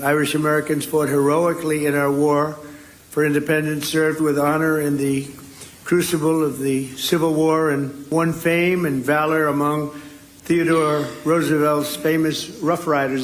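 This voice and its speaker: With a flat delivery and a moderate pace, a higher-voiced man speaks at an indoor luncheon. His off-the-cuff speech into the podium microphone rambles, mixing ad-libs and asides with prepared lines.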